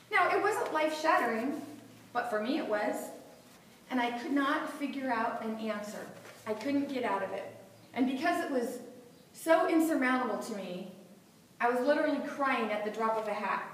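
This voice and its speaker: Middle-aged lady motivational speaker, high voice, big echoey hall, acts out her inner voice, laughs a lot. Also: lively intonation, normal speed, recorded from a distance, slight background noise. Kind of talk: motivational talk to a live audience. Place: seminar room with audience.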